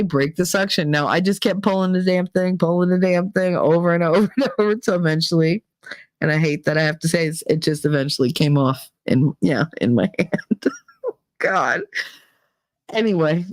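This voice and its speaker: A woman's voice: dry recording, clean studio sound. Laughing woman telling a wild story. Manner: animated, laughing often, acts out quotes in a higher voice. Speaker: podcast host. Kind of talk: casual storytelling rant.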